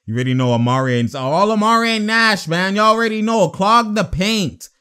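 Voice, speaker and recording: A young man calls a game as he watches it, his voice pitched high and swinging wildly up and down. He laughs constantly and shouts slangy exclamations between quick remarks on the play. It sounds like casual, loose reaction commentary. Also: animated, clean tone. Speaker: basketball reaction host.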